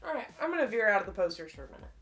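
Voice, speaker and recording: A woman's voice: mid-range voice, sing-song, rapid-fire, a bit bright. A woman co-hosting a casual collecting video, chatty and enthusiastic, often saying "like". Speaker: co-host. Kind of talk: casual collection show-and-tell.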